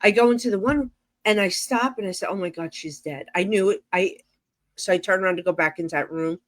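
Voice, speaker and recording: A middle-aged New Jersey woman, a psychic medium, tells stories in a casual interview. She speaks fast at a medium pitch, rambling and leaning on fillers like "you know," and the recording is dry.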